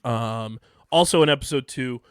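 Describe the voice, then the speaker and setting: A man's voice: mid-range voice, normal speed, clean tone, dry recording, studio quality. A man co-hosting a podcast, rambling through a plot recap with frequent ums and laughs. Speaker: podcast co-host recapping episodes. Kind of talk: casual podcast chat.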